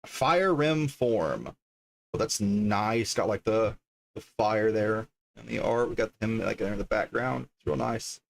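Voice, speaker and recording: Lower-voiced man chatting while opening cards. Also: unhurried, creaky. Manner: chatty, reading card names aloud, easily delighted. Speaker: streamer opening card packs. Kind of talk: casual livestream chat.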